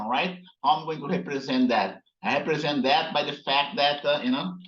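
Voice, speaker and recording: A man teaching a physics class, slowly explaining while working on slides and often checking in with "right?". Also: fairly high pitch, fairly bright tone. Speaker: physics instructor. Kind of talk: recorded classroom lecture. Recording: echoey, dull lo-fi room sound.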